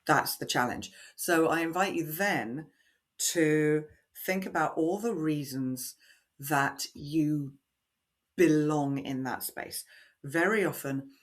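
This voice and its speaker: Expressive woman voice coach. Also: low-pitched. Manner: expressive, animated, acts out quoted lines. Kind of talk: podcast interview answers.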